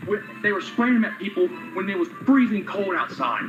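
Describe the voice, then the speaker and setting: A man's voice: sits high, very animated, fairly quick. A man chatting about history and politics in an indignant tone, full of fillers like "um". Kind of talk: casual political chat. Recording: dull, muffled sound with music behind.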